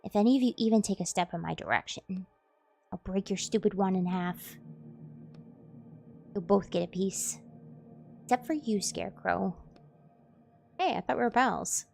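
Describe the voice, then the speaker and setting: A young woman streamer reads a story game's narration and dialogue aloud, sliding from one character voice to the next. Her voice has a gravelly edge and sits at an ordinary pitch. Faint music plays underneath. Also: moderate pace, pauses often, darkish tone. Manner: switches between several character voices while reading a story game. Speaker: streamer voicing game characters. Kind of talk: game playthrough, reading dialogue aloud.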